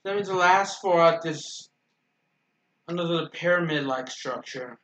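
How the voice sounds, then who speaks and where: A man talking his way through a video game in loose, rambling commentary, stumbling over his words and taking things back as he goes. His voice sits a little high for a man and rings with a roomy echo. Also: a little slow, fairly bright tone. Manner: rambling, self-correcting, stutters. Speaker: gaming YouTuber. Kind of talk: casual gameplay commentary.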